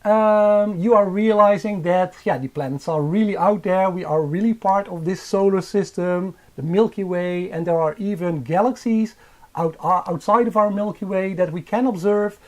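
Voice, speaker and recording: Dutch-accented male host, hesitant live-stream delivery, soft dark timbre, budget microphone. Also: sits high, normal speed. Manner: hesitant, many filler sounds and restarts. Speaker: astrophotography channel host. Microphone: cheap microphone.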